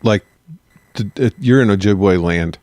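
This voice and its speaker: Low-voiced, rambling male podcast co-host. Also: measured pace, a little mellow, no echo. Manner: loose, rambling, heavy with fillers and restarts, asks questions. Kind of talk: casual history podcast chat.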